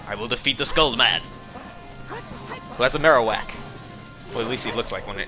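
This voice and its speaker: A young Australian man giving goofy, excitable commentary while playing a video game. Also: mid-range voice, a little slow, long pauses, faint music behind. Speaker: let's play gamer.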